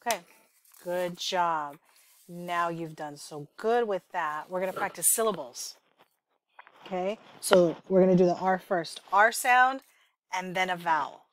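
A woman's voice: lowish voice, a little slow. Patient woman modeling speech sounds. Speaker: speech therapy presenter. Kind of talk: demonstration therapy session with a child.

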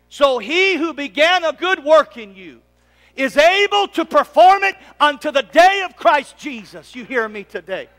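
High-voiced preaching man, church reverb. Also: expressive, moderate pace. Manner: preaching, calling for congregation responses; swings from loud emphatic lines to quiet asides. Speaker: lead pastor. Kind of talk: sermon. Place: church sanctuary. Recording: long reverb of a church sanctuary.

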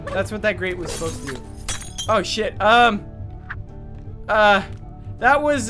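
A man's voice: sits high, unhurried, sharp tone. A young man giving casual gameplay commentary, swearing and bursting into frustrated outbursts. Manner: frustrated, profane, prone to outbursts. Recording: game music in background.

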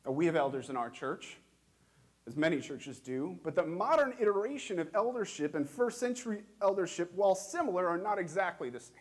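A man with a somewhat high voice preaches a sermon in a church. He talks earnestly and measuredly, posing question after question and leaning on his pauses. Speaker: pastor.

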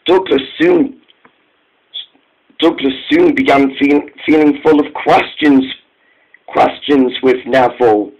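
Halting man reading a train story. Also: medium pitch, muffled recording. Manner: halting, many false starts and restarts. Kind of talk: amateur story narration.

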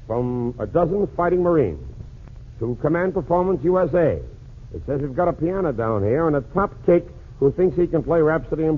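A high-voiced man with a breathy edge, a comedian and emcee, performs 1940s radio comedy. He does a one-sided phone-call routine with quick comic patter, heard through a tinny lo-fi 1940s radio transcription with faint hiss.

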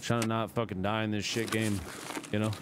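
A man's voice: lowish voice, little pitch movement, fairly quick, very noisy. A man livestreaming a game, ranting sarcastically and swearing often between bits of commentary. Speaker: gaming livestreamer. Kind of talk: live gameplay commentary and ranting.

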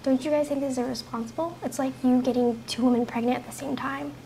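A woman's voice: high-pitched, steady tone, fast, dark tone, a little hiss or hum. An actor playing a careful young doctor who voices her concern.

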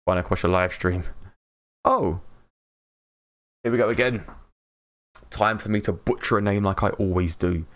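A man's voice: on the low side, moderate pace, pauses often, a bit bright. An English man live-streaming a game, chatting in an upbeat way with viewers, greeting them by name and laughing often. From England. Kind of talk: casual live-stream chat while gaming.

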